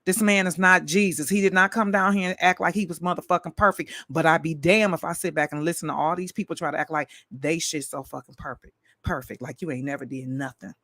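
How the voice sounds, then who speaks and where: A tired woman hosting a live stream, delivering a fiery, profane rant full of rapid-fire repetition. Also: deep voice, fairly even intonation, a bit bright, no echo.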